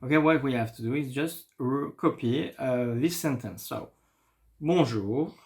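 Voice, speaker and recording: A man with a French accent, a native French speaker, teaching a beginner French lesson online and talking patiently while he writes. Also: medium pitch. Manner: slow, patient, thinking aloud while writing.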